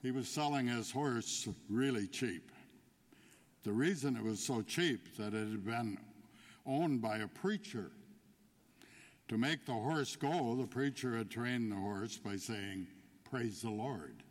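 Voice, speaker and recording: A man preaching a homily as a deacon, telling a joke story in an unhurried way before turning to the point of the sermon. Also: medium pitch. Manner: storytelling, unhurried, builds to punchlines. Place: church. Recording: long church reverb.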